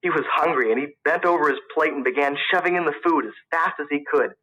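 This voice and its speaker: A man's voice: on the high side, fast, pushed and bright, poor audio. A man narrating a story in the first person, in a plain storytelling manner. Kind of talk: audiobook narration.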